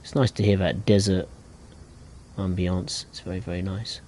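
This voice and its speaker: A man streaming a train simulator game live, chatting in a relaxed way and thinking aloud as he drives. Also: low voice, moderate pace. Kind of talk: live gameplay commentary. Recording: game train noise behind.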